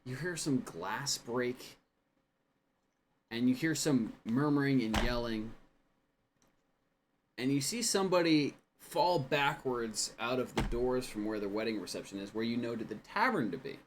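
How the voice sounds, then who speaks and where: A man's voice: mid-range voice, measured pace, background noise. A man running a tabletop game as game master, describing scenes loosely with lots of fillers. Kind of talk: casual tabletop game narration.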